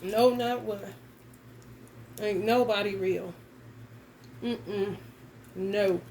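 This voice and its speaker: A woman's voice: medium pitch, very slow, pauses often, darkish tone, slight background noise, low-quality recording. A young adult woman giving a casual tarot reading, talking bluntly and emphatically with plenty of cursing and slang. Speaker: tarot reader.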